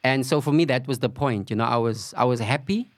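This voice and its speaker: A man's voice: mid-range voice, fairly quick, dry recording, studio quality. A middle-aged man, a podcast guest candidly telling a story and acting out what people said. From South Africa, Cape Flats. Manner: recounts events with acted-out quoted dialogue and frequent "you know".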